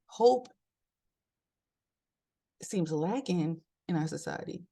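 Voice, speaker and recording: Middle-aged woman host from Maryland, casual and animated, pitch leaps for emphasis, laughs a lot. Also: takes it slowly, vocal fry, slightly rough. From Maryland, USA. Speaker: podcast host. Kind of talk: casual motivational talk.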